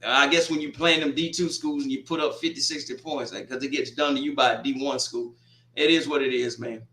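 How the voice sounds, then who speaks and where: A man hosting a casual college football preview, animated and talking straight to teams and viewers. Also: mid-range voice, fairly quick, a little hiss or hum. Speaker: sports show host. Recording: echoey room.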